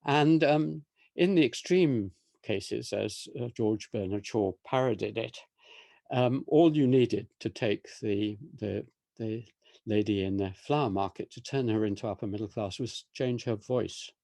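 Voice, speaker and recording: Older English academic interviewee, lowish voice, dry video-call audio, thoughtful and halting. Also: male voice, vocal fry, dark tone, dry recording. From England. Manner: measured, pausing, with restarts and filler words. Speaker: interviewee, historian. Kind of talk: thoughtful conversational explanation.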